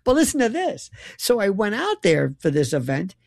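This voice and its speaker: Woman, storyteller, animated and laughing, dry booth sound. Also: medium pitch, moderate pace, gravelly, no room sound. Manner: animated, laughing, dramatic quoted voices. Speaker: radio host guest. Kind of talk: casual storytelling chat.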